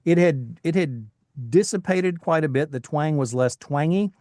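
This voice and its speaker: A middle-aged voice actor from Tennessee with a faint Southern accent, chatting casually in an interview with lots of restarts. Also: male voice, fairly high pitch, moderate pace, dark tone, dry recording, studio quality. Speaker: voice actor, guest.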